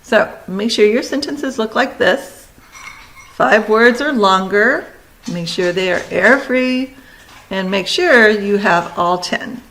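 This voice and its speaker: A woman teacher talks students through a recorded lesson step by step. Her instructions are brisk and directive, with a mid-range voice. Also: mid-range voice, fairly bright tone, rough recording.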